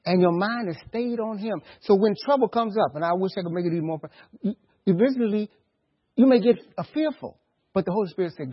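A male pastor preaching a sermon, swinging between hushed asides and loud, lively outbursts. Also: high voice, brisk, slightly rough, lo-fi sound.

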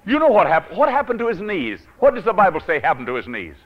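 A male preacher telling a Bible story in a dramatic sermon, swinging from loud to hushed and chuckling often. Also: high-pitched, huge pitch swings, quick pace, dull audio.

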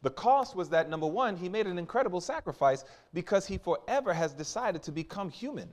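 Lively preacher man in full flow. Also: high-pitched. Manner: questions the congregation and waits for replies; swings between quiet asides and loud emphatic climaxes. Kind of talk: sermon.

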